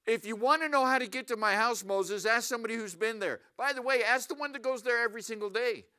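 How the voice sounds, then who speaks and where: A man's voice: extremely high pitch, fast talker, clear, resonant tone. A man preaching a sermon to his congregation in church, asking them questions often. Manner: animated, asks the congregation questions. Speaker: pastor. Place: church sanctuary.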